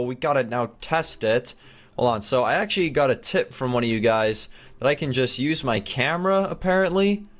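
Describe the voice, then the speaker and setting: Excitable young man with a lively pitch. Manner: excitable, narrates every move with gasps and laughs. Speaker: gaming YouTuber. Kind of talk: game commentary.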